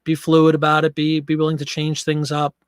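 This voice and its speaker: A slightly high-voiced man hosts a casual live stream and chats easily with his viewers. He sounds a little out of breath, and his voice comes through dry and close, with no room sound around it. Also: completely flat delivery, a little fast, smooth, no echo. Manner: chatty, reads viewer comments. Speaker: livestream host.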